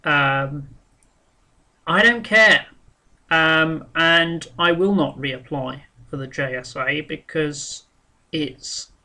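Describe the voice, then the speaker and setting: A man's voice: a little high, sharp tone. A man speaking in a casual monologue, rambling and frank, with many ums and restarts. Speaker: vlogger.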